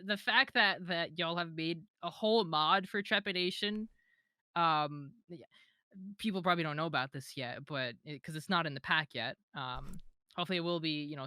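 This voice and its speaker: A woman's voice: deep voice, sharp tone, dry recording, studio quality. A young woman talking casually as an interview guest, hesitant with many fillers and restarts, giggling now and then. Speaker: modpack creator, interview guest.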